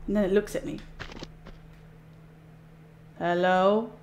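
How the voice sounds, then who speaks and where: A woman's voice: medium pitch, fairly even intonation, measured pace, long pauses, slight background noise. Chatty, easily spooked woman streamer. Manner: chatty, jumpy, easily scared, laughs often. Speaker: gaming streamer. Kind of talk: casual let's play commentary.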